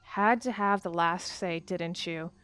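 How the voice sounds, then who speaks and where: A woman reading the part of a bitter, grieving disembodied voice from a book in a game, in a low, sorrowful, reproachful way. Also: measured pace, fairly bright tone, no room sound.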